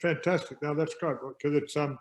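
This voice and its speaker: A man's voice: on the high side, steady tone, moderate pace, rough recording. An Australian man, a guest and former pro footballer, chatting on a video call in an upbeat, rambling way with many fillers. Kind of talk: casual chat on a video call.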